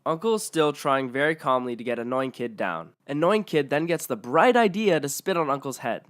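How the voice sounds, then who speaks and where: A man's voice: fairly high pitch, lively intonation, moderate pace. A man narrating online stories aloud in a matter-of-fact way.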